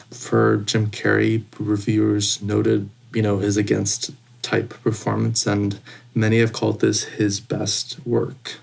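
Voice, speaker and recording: Host: man, low and heavily gravelly, monotone, measured and factual. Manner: measured, reading off film facts with small restarts. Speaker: podcast host. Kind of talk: casual podcast discussion.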